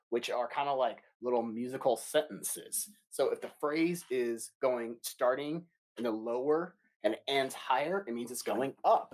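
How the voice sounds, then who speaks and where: Patient music teacher talking to kids. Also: male voice, medium pitch. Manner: patient, explains slowly with playful asides to kids. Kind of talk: remote music lesson for children. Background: guitar playing.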